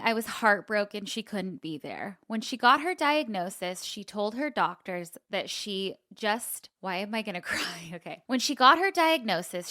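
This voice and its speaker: Woman podcast co-host, bright voice, dry close sound, casual chat, laughs easily. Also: mid-range voice, no echo. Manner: laughs easily, gets choked up. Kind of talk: casual podcast chat, reading a listener email.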